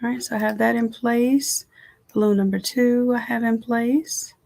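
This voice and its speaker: A woman design instructor giving a casual, chatty live software tutorial from home, talking straight to her viewers. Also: a little high, steady tone, moderate pace, creaky.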